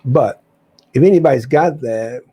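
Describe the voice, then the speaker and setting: A man's voice: mid-range voice, normal speed, dark tone, slightly rough. A man hosting a spiritual livestream, chatting casually and enthusiastically to viewers, rambling and often restarting his sentences. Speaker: livestream host.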